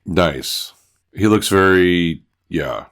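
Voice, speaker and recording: Co-host, man with a very deep voice, quick amused reactions. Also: fairly bright tone. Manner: reactive, short amused replies. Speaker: podcast co-host. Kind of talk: casual podcast chat.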